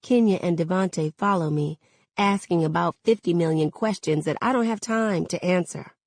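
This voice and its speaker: A woman reading a novel aloud in a measured, even narration. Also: fairly low pitch, no room sound. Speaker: reader.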